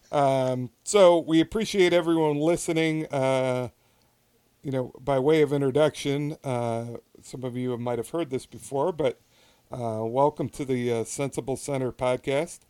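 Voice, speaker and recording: A man co-hosting a casual podcast over drinks, talking haltingly with many ums and frequent laughs. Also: mid-range voice, a little mellow, clean tone, no echo. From Wisconsin. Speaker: podcast co-host.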